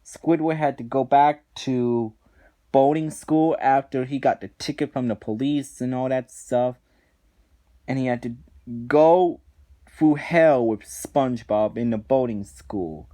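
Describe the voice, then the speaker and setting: A man's voice: medium pitch, measured pace, warm tone. A man reviewing cartoon episodes in a ranting commentary, indignant and exasperated, often restarting his sentences.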